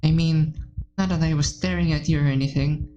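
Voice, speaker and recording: A woman's voice: deep voice, steady tone, brisk, warm tone, lo-fi sound, natural voice. A woman voicing a blunt, fiery, protective small teenage girl in a visual novel game. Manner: brash, protective.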